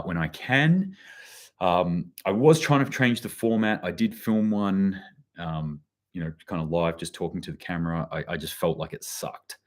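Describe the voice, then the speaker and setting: Low-voiced man rambling through news commentary. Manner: rambling, many fillers and restarts, reads out chat comments. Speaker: host.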